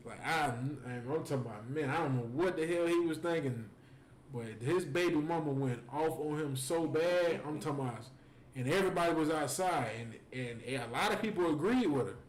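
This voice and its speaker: A man hosting a stream, telling stories in a casual, animated and joking way. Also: on the high side, a little fast. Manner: animated, joking, full of fillers. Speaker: host. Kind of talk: casual storytelling and preaching on a stream. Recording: echoey room with faint noise.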